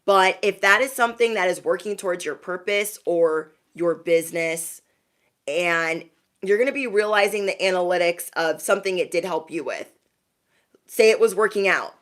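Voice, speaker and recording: A young adult woman delivers an intuitive spiritual reading straight to her viewers. She talks in a chatty, familiar way and calls her audience bestie. Her pitch sits mid-range for a woman. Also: moderate pace, a bit bright. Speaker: intuitive reader.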